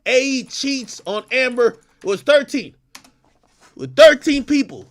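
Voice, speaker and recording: High, bright-voiced man ranting hard. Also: expressive, slow. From Jamaica. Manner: profane, aggressive, confrontational, often shouting. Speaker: host. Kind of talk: ranting livestream commentary.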